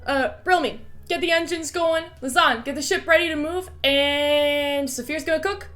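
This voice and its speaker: A woman's voice: sits high, normal speed, fairly bright tone, faint music behind, pitched above the performer's own voice. A woman voicing a friendly, welcoming female ship captain with a Canadian accent who calls everyone bud. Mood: hearty.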